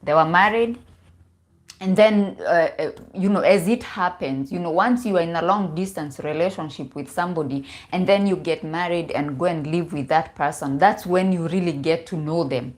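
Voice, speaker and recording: A woman's voice: fairly low pitch, moderate pace. A woman, a relationship coach talking casually on a livestream, mixing in Swahili words and repeating herself as she goes. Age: 40s.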